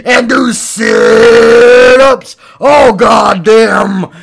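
A boastful, thick-headed wrestler roars in a strained, gravelly voice. He speaks slowly and at a high pitch, with a rough edge on every shout. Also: fairly even intonation, very noisy, exaggerated voice. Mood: bellowing. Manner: bellowing, growled catchphrases. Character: loud dim-witted male wrestler guest, boastful.

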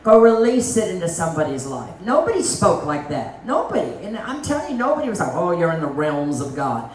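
A middle-aged woman evangelist gives a lively testimony sermon, full of folksy asides. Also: lowish voice, fairly quick, a little hiss or hum. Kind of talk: testimony preaching. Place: church meeting hall. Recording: echoey hall, mic at a distance.

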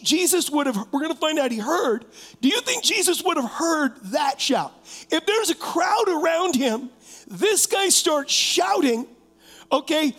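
A man preaching a sermon as pastor, animated, calling on members of the congregation and shouting out to show his point. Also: extremely high pitch. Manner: shouts to demonstrate, rising to loud bursts. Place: church sanctuary. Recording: long hall reverb.

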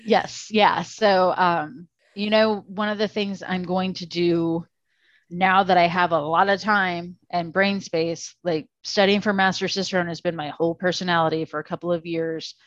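A woman co-hosting a podcast in casual chat, tired and gravelly voiced, rambling with lots of fillers and restarts. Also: lowish voice, fairly even intonation, normal speed, no room sound, highs cut off. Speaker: podcast co-host.

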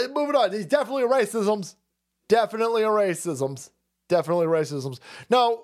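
A man in his forties hosting a livestream, ranting casually with lots of swearing and frequent laughter. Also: high-pitched. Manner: profane, laughs often, animated outbursts. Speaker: livestream host.

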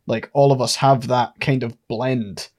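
A man's voice: mid-range voice, fairly even intonation, unhurried, darkish tone. Earnest Scottish man, podcast co-host. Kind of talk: casual podcast chat.

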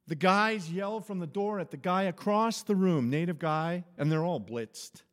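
Slow-paced and fairly bright, a pastor's high voice carries through long hall reverb. His sermon is informal and anecdotal, told conversationally, with frequent chuckles and restarted phrases.

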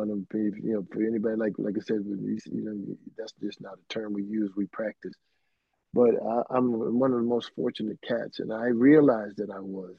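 A man, a guest musician, telling stories in a casual interview, animated and dropping "man" and "you know" as he goes, heard through earbuds on a remote call. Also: on the low side, vocal fry, breathy edge, no room sound, lo-fi sound.

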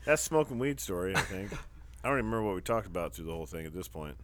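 A man's voice: low-pitched, lively intonation, quick pace. A man hosting a casual podcast, talking loose, profane and laughing with friends. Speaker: podcast host. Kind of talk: casual drunken podcast chat. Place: shop or garage.

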